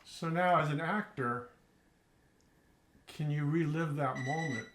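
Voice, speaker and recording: A man coaching an acting student, gentle and encouraging, guiding with probing questions. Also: on the high side, slow pace, a little hiss or hum. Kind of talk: coaching feedback in acting class.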